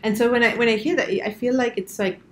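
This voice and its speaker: A woman's voice: on the high side, steady tone, fast talker, echoey room, a little hiss or hum, low-quality recording. A woman hosting a conversational interview, enthusiastic and affirming as she asks probing questions. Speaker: host.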